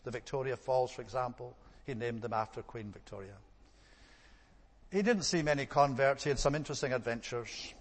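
Male preacher, mid-pitched, emphatic sermon delivery, long hall reverb. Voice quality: emphatic, rising to stress points then dropping low.

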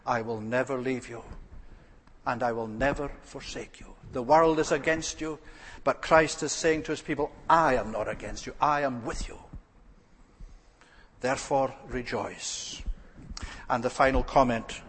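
A man's voice: medium pitch, unhurried, pauses often, a little hiss or hum. A man preaching an earnest expository sermon, asking rhetorical questions and stressing key phrases. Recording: reverberant hall.

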